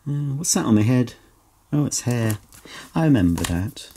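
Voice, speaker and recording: This middle-aged vlogger chats sentimentally and self-mockingly as he sorts old possessions inside his home. His mid-range voice is mellow and very animated, yet a little slow, with long pauses and a slight hiss or hum in the background.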